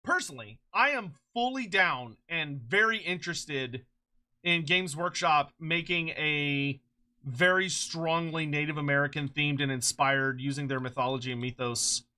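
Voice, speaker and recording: A streamer chatting casually on a live stream, excitable and rambling, swearing freely and laughing often, short on sleep. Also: mid-range voice, unhurried. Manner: rambling with frequent restarts.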